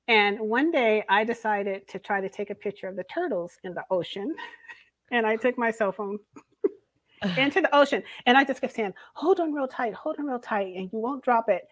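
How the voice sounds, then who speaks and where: A middle-aged woman, a podcast guest, telling a story in a lively, laughing way. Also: medium pitch, no room sound. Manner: animated, laughing storyteller who acts out the voices of others. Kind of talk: casual storytelling in an interview.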